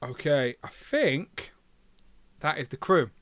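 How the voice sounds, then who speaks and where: A man's voice: on the high side, big pitch swings, slow, no echo. A man hosting a casual livestream, chatting and reading viewer comments aloud with filler hums. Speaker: livestream host.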